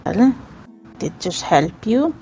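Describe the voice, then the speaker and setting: A woman's voice: mid-range voice, sing-song, slow pace, warm tone, soft background music. A woman playing her character in a tabletop game, blunt and wry as she bargains. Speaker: player.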